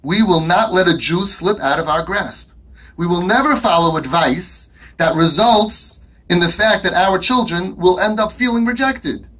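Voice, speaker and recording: Emphatic husky-voiced man lecturing. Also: sits high, measured pace, a bit bright. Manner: emphatic, rhetorical questions, acts out dialogues. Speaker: speaker addressing an audience. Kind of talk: impassioned talk to a live audience.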